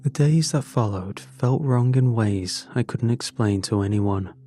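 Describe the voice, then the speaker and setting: A man narrating a first-person story in a slow, measured, somber manner. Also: mid-range voice, warm tone, faint music behind.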